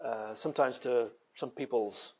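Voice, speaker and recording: A man's voice: mid-range voice, unhurried, a little mellow, husky. Rambling British man, slightly dull audio. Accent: British English. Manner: rambling, with many restarts and acted quotes. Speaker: guest artist. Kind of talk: casual interview talk.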